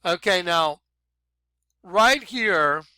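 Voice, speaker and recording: Man, excited vlog commentary, emphatic, slow drawn-out delivery, smooth clear voice. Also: high voice, no echo. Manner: excitable, emphatic, apologizes for rushing. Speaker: video blogger. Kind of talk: excited conspiracy commentary over videos.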